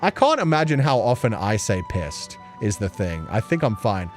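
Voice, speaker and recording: A man chatting casually on a livestream, playful and quick to laugh, answering questions from chat. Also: on the low side, sing-song, faint music behind. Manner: chatty and playful, laughing often between thoughts. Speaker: streamer. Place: at home.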